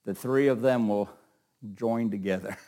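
A man's voice: fairly low pitch, a little slow, mellow. A middle-aged man teaching an informal Bible class, talking in a loose, joking way and often repeating words.

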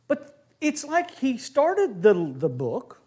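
A man leads a Bible class in a lively, questioning way. His voice sits high for a man and swings widely in pitch. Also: takes it slowly, husky. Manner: animated, asks the class questions.

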